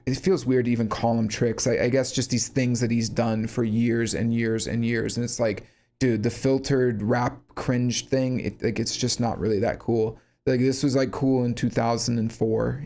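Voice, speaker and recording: A man's voice: medium pitch, darkish tone. A man giving a casual, blunt critique of a song, sarcastic and free with swearing. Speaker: song reviewer.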